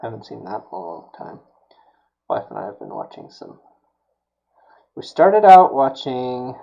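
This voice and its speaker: A man's voice: mid-range voice, gravelly, mellow, dull audio. A man chatting casually while building a prop on a live stream, rambling and full of fillers. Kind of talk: casual chat while working.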